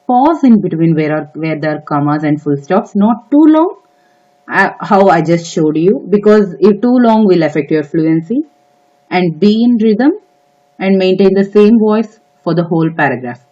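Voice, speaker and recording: An exam prep tutor giving earnest step-by-step advice, with frequent filler pauses. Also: mid-range voice, darkish tone. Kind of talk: instructional talk to camera. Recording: dull lo-fi recording.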